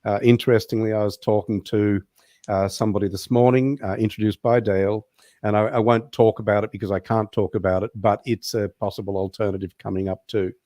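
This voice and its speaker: Low-voiced man explaining business systems. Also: steady tone, a little fast, mellow, no echo, studio quality. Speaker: guest. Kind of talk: casual online show interview.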